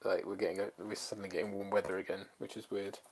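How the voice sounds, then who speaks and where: A man, co-hosting a casual livestream chat, rambling and relaxed with lots of fillers, feeling a bit lethargic. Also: low voice, fast talker, a little hiss or hum. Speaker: channel co-host.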